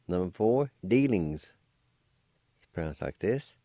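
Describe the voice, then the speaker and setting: Radio lesson host, man, deep and dark-toned, unhurried, repeats each word carefully, dry close mic. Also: lively intonation, no room sound. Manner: spells letters and pronounces words slowly, repeating each. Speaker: language teacher on radio show. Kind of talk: slow radio language lesson.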